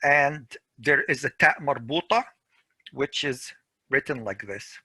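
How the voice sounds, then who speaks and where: A middle-aged man teaching a grammar class over a video call, repeating each example slowly and patiently. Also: mid-range voice, expressive, pushed and bright, slightly rough, dry recording. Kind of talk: online class lecture.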